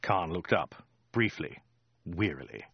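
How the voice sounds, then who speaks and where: A man narrating a comic story in a dry, deadpan way. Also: low voice, measured pace, gravelly, breathy edge, no echo, dull audio. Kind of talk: audiobook reading.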